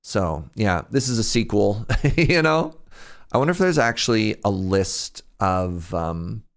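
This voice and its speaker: A young man with a lowish voice talks through a game showcase on his live stream. He rambles and corrects himself. His pitch jumps sharply whenever something catches his eye. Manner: rambling, chatty, quick pitch jumps when excited. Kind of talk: casual live-stream commentary.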